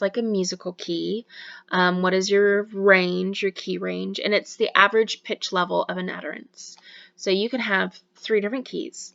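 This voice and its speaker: A woman's voice: medium pitch, gravelly, fairly bright tone, highs cut off. A woman giving a recorded university lecture on voice and diction, explaining with frequent fillers.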